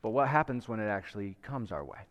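In a large hall, a male pastor with a lowish, animated voice talks fast as he preaches to a live church congregation. His sermon mixes prayer and a story, and he asks the people questions conversationally.

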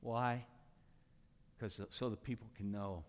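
A man preaches a lively sermon in a fairly high, bright voice that leaps up and down as he acts out the people in his story. He swings from shouted lines to soft, hushed ones. The sound carries a long hall reverb. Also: measured pace. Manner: dramatic, acts out characters with shouts and whispers. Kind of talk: animated sermon with acted-out voices.

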